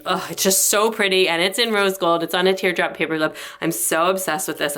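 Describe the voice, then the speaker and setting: A woman's voice: sits low, fairly bright tone. A young adult woman chatting through her planner in a bubbly, rambling way, slightly out of breath. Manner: bubbly, rambling, lots of fillers. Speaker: planner vlogger.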